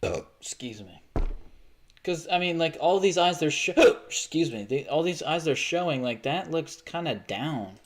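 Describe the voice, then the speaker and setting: A man livestreaming in a casual chat, loose and excitable, swearing often and laughing as he reacts to pictures and messages. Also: a little high, normal speed, few pauses.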